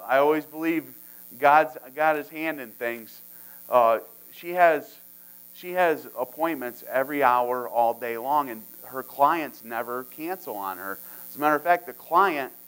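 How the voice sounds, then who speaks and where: A man's voice: mid-range voice, low-quality recording. Guy at a sales training telling a story, acts out the phone calls, bit of hum behind him. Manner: animated storyteller acting out phone dialogue. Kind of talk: storytelling talk to an audience.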